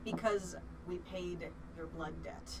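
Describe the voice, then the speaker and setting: A woman's voice: fairly low pitch, slow pace, background noise. A woman playing a tabletop role-playing game, eager and insistent as she argues with the game master. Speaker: player.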